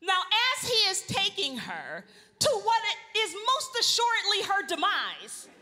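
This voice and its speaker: A woman with a high, bright voice tells comic stories to a live crowd and often laughs as she goes. Her pitch leaps up and down. The sound has long hall reverb and a faint room murmur behind it. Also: measured pace. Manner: animated, laughing, addresses the crowd. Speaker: speaker at a women's event. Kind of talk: comic storytelling to a live audience. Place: large event hall.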